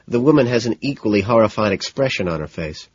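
A man narrating a novel in first person, with a measured, low-key delivery. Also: animated, darkish tone, husky, no room sound, dull audio. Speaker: audiobook narrator.

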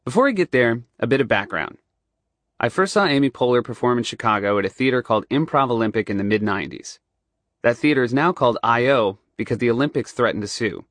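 A middle-aged man with a nasal voice from a broken nose, speaking in a deadpan, wry way in a studio booth. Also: medium pitch, fast, no room sound. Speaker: guest reader. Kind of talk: playful banter, then scripted reading. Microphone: studio microphone.

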